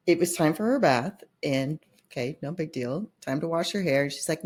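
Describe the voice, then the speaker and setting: Low, husky-voiced woman telling stories. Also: normal speed. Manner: animated retelling with quoted dialogue and laughs. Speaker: podcast guest, consultant and author. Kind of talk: candid storytelling in conversation.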